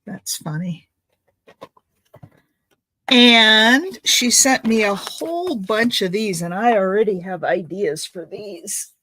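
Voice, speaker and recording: A woman's voice: mid-range voice, lively intonation, takes it slowly, sharp tone, poor audio. A woman making a craft video, chatting in a rambling, thinking-aloud way as she opens gifts at home. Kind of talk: casual chatty unboxing.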